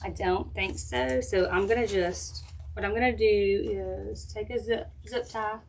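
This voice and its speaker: A middle-aged woman chats casually with livestream viewers while demonstrating a craft project, her mid-range voice unhurried, darkish, and fairly even in intonation. She's chatty and folksy, talking straight to her audience as she works. Faint background noise and clicks can be heard.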